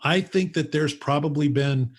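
A man with a deeply husky, raspy voice tells rambling stories on a podcast, restarting sentences and getting animated as he goes. The sound is close and dry with no room around it. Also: normal speed, dry recording. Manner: animated, rambling anecdotes with frequent restarts and mild swearing. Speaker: podcast guest, founder of a business mastermind group. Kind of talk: casual storytelling conversation.

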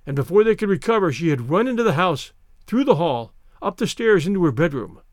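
Expressive, high-voiced man reading a story. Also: a little fast, no room sound, clean studio sound. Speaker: reader. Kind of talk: scripted narration.

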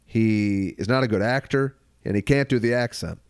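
A man co-hosting a podcast, chatting loosely about movies with quick jokes, bursts of mock singing and frequent laughter. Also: fairly low pitch, clear, resonant tone, no echo, studio quality. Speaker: podcast co-host. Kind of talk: casual comedic movie chat.

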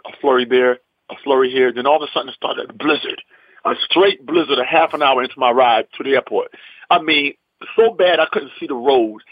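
A man's voice: medium pitch, no room sound, lo-fi sound. A male comedian from the US East Coast telling an anecdote in punchy bursts, often tossing in "man". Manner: animated, punchy, repeats "man". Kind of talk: storytelling anecdote.

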